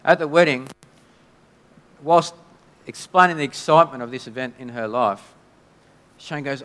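A man preaching a sermon in a conversational, halting way, often restarting his sentences. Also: medium pitch, a bit bright. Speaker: pastor. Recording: long hall reverb.

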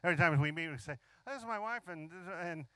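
A man preaching a sermon in a fairly high voice, leaning hard on key phrases and stretching them out. He keeps asking his listeners questions. The sound is dry and close, with no room echo. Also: expressive, quick pace, bright, forceful tone. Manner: asks the congregation frequent rhetorical questions.

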